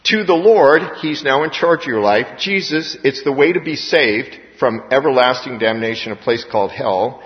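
Male pastor, mid-pitched, lively sermon delivery with acted-out quotes; muffled, echoing hall recording. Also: normal speed, few pauses. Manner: animated, acts out quoted voices. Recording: dull reverberant hall recording.

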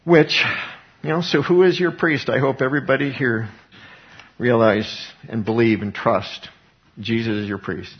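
Male preacher, conversational sermon, earnest folksy delivery, mid pitch, muffled lo-fi recording. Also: steady tone, normal speed. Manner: earnest, folksy, rising to emphatic bursts, restarts and soft laughs. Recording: slightly dull lo-fi recording.

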